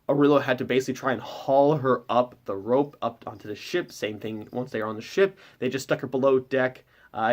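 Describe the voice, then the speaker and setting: Give me a man casually recapping a tabletop campaign as game master, rambling and full of fillers. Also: mid-range voice. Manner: rambling, heavy with fillers like "kind of".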